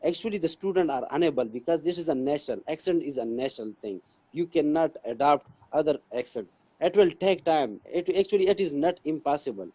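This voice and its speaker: A man's voice: a little high, lively intonation, brisk, dark tone. Earnest man from Pakistan, muffled audio. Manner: earnest, repeats phrases like "you can say". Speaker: guest, English teacher. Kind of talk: interview conversation. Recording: dull lo-fi audio.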